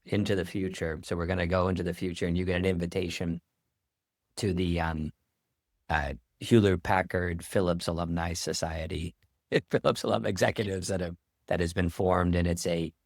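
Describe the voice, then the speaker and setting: Low flat-voiced podcast host. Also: male voice, dry recording, clean studio sound. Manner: playful, rambling storyteller. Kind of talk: podcast interview.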